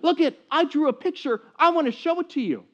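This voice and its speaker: Guy doing a tiny excited girl, squeaky high, muffled recording. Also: fairly quick, full character voice. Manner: eager, breathless chatter. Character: excited little girl, about four or five. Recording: dull lo-fi recording.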